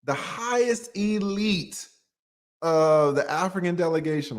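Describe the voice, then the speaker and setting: A man's voice: medium pitch, measured pace. A man hosting a livestream, joking and laughing often as he reads viewer super chats aloud in casual chat.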